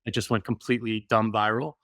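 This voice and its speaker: A man's voice: lowish voice, level tone, a bit bright, no room sound. A man speaking as a podcast guest in casual interview chat, with frequent "um" fillers. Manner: many "um" fillers, fast enthusiastic bursts. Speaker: podcast guest, rental property owner.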